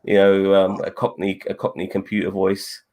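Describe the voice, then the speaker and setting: A man's voice: deep voice, monotone, moderate pace, a little mellow. A man in casual chat, talking loosely and hesitantly with many fillers.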